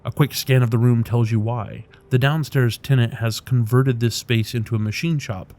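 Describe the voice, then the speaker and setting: A man's voice: mid-range voice, steady tone, moderate pace, darkish tone, soft background music. A man narrating a video game, reading its text aloud with casual remarks and tripping over unfamiliar names. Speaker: let's play commentator.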